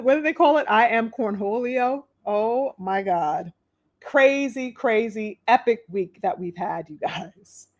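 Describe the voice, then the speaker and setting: A woman hosting a casual livestream on boxing, talking with her viewers in an animated, emphatic, profane way. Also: mid-range voice. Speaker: boxing talk show host.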